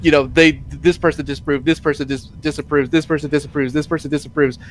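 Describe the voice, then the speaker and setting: Animated man retelling a funny video. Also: fairly high pitch, quick pace, a little hiss or hum. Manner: animated storyteller, laughs while retelling. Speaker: stream co-host. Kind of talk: casual gaming chat.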